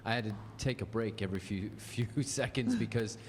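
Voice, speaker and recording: A man chats casually as a radio co-host in a relaxed, conversational way. A clear hiss runs beneath his voice. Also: lowish voice, brisk.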